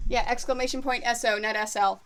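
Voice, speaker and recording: A woman's voice: a little high, fairly even intonation, fairly quick, fairly bright tone. A woman with a mixed American and Canadian accent, chatting casually with her stream from her home sewing studio. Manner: chatty, scattered, talks to chat and her dogs. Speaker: quilting streamer. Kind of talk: casual live-stream chat while working.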